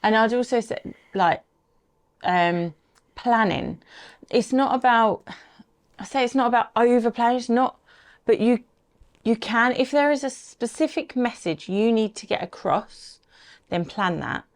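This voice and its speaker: A woman co-hosting a podcast, talking through tips in a lively, animated, conversational way. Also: fairly high pitch, a little slow, long pauses. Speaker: podcast co-host. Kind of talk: casual advice chat.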